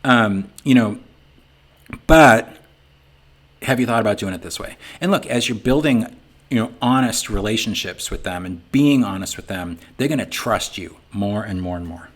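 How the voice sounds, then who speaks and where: A man's voice: lowish voice, lively intonation, normal speed. A middle-aged man with a Boston accent giving an informal webinar talk, folksy and conversational, often saying "you know". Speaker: webinar presenter for a sign business software company.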